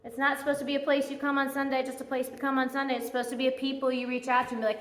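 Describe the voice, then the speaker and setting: A woman's voice: high-pitched, little pitch movement, rapid-fire, few pauses, a little hiss or hum. A woman preaching a sermon in a church, earnest and conversational, at times speaking heartfelt prayers aloud. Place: church sanctuary. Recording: echoey church hall.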